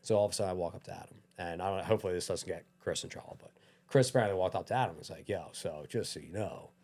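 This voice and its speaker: A young adult man, a gym owner, telling a lively story in casual chat, acting out quotes and laughing often. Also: low voice, racing. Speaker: gym owner, podcast guest.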